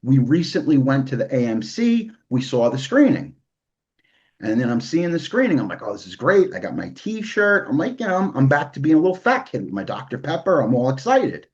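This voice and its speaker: A man's voice: mid-range voice, very animated, fairly quick, lo-fi sound. A man from New hosting a podcast, talking emotionally and swearing freely in casual chat. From New York. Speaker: podcast host.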